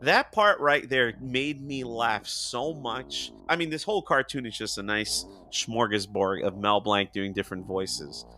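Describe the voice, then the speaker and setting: A man with a New Jersey accent, an animated and enthusiastic guest in a casual chat. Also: medium pitch, unhurried, few pauses, a little hiss or hum. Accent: New Jersey / New York area. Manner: animated, enthusiastic, laughs easily.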